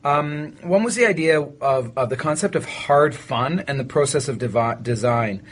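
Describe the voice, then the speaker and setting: A man's voice: medium pitch, moderate pace. A man from Canada hosting a teachers' podcast in casual, joking chat. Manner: joking, playful, puts on silly voices. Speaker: podcast host.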